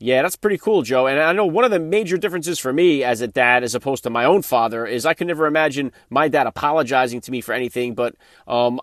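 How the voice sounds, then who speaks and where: A man's voice: mid-range voice, a bit bright, no echo, studio quality. A man hosting a podcast interview who affirms his guest's answers in a friendly way and asks follow-up questions. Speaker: podcast host, a father.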